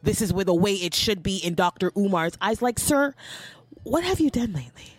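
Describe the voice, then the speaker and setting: A woman co-hosts a casual chat and often chimes in with quick agreement. Her pitch swings widely as she talks, and the sound is dry and close. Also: animated, no echo. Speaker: podcast co-host.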